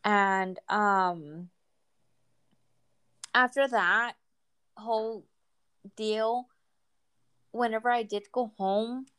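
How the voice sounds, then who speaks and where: Woman chatting through a personal story, slow and smooth, easygoing. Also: mid-range voice. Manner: relaxed, chatty, acts out quoted voices. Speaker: guest telling a personal story. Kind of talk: casual storytelling chat.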